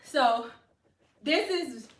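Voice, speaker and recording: Giggly high-voiced woman vlogger. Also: animated, drawn-out words. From Detroit. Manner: giggly, rambling, laughs a lot. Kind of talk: casual livestream chat.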